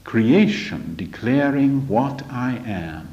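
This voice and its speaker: A man teaching from a spiritual text in a deliberate, emphatic lecture, often asking rhetorical questions. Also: mid-range voice, lively intonation, a little mellow. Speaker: religious study teacher. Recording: dull lo-fi recording.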